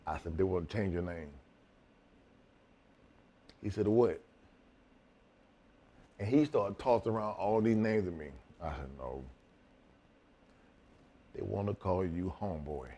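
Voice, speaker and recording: A middle-aged former wrestler tells a profane, animated story in a shoot interview, laughing as he goes. His voice is low and his pace measured, with frequent pauses.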